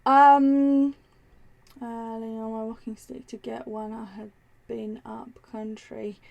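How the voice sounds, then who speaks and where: A slightly high, fairly flat female voice moves slowly with a creaky texture, and the audio sounds dull. She's hosting a live craft demo, rambling with lots of ums and restarts as she reads viewer comments aloud while she works.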